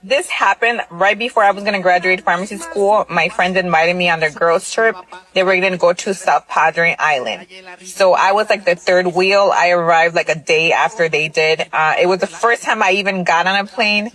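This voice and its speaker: A woman's voice: fairly low pitch, normal speed, fairly bright tone, rough recording. A woman in her thirties casually telling a personal story, chatty and full of filler words. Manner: chatty, lots of filler likes.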